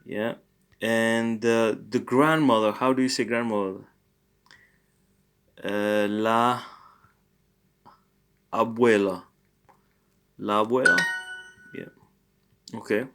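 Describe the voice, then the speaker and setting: A man's voice: fairly low pitch, fairly even intonation, slow, pauses often, fairly bright tone, smooth. A man teaching an informal Spanish lesson. He thinks aloud with many fillers and good-humouredly corrects his own slips.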